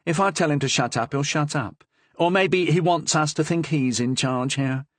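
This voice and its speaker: A man's voice: normal speed, no room sound, natural voice. A man doing a brash young Languedoc woman. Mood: bold. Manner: high, bold, talks back. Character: feisty young woman, sharp-tongued, fearless.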